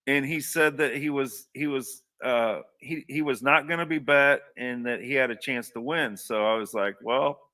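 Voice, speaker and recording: A man spins a long personal yarn with a bright, edgy tone. He restarts often and drifts into asides. His voice sounds a little distant from the microphone. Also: mid-range voice, normal speed, few pauses. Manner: rambling anecdotal telling with many restarts. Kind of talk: casual storytelling.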